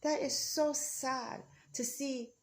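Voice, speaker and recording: A woman's voice: high-pitched, steady tone, slow pace. A woman speaking in an emotional, rambling monologue, defiant and often repeating herself.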